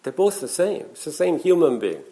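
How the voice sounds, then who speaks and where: Animated man lecturing with an accent. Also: a little high, normal speed. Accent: non-native English accent. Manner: animated, emphatic, with repeated questions to the audience; swings between loud stresses and soft asides. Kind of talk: conference lecture.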